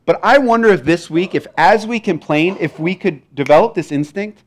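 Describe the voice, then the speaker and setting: A male pastor preaching in a relaxed, conversational way. His voice sits a little high and moves a lot, rising and falling as he acts out short exchanges. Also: moderate pace. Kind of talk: sermon.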